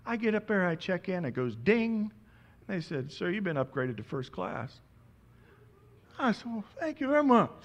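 A man in his forties, a pastor preaching a sermon, telling a lively personal story and acting out the dialogue. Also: high-pitched, normal speed, dull audio, slight background noise.

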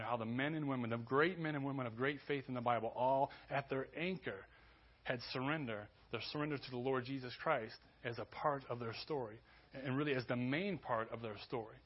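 A man preaching a sermon as pastor, conversational with restarts, building to loud emphasis. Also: medium pitch, a little fast, slightly rough, highs cut off. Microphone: church sermon recording.

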